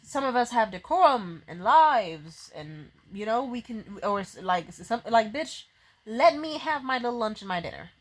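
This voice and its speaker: Young woman, profane exasperated rant, slightly high voice, frequent restarts, to camera. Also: big pitch swings, normal speed, low-quality recording. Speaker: vlogger. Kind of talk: profane ranting vent. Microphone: facing a camera.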